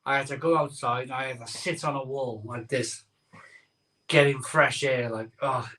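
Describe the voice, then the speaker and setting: A man's voice: mid-range voice, steady tone, moderate pace, pushed and bright, recorded from a distance. A man hosting a live beer-drinking show, telling a rambling story in casual chat and repeating his phrases as he goes.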